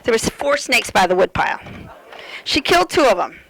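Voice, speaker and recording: A woman's voice: fairly high pitch, big pitch swings, a little fast, creaky, a little hiss or hum, low-quality recording. A middle-aged woman giving a live sewing demonstration to an audience at a fair, telling rambling, joking stories as she works. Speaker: sewing seminar presenter.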